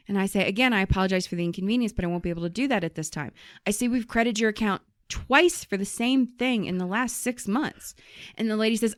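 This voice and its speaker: A woman co-hosts a casual chat show, reading listener stories aloud and acting out the people in them. She talks in an animated, profane way, and her voice sits mid-range. The sound is dry and close. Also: medium pitch, quick pace, no room sound. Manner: animated storyteller, acts out quoted people, swears freely. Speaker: podcast co-host.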